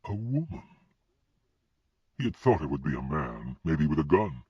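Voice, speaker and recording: A man narrating a fantasy audiobook in an expressive reading style. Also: extremely low pitch, brisk, slightly rough, no room sound. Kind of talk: scripted narration. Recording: dull lo-fi recording.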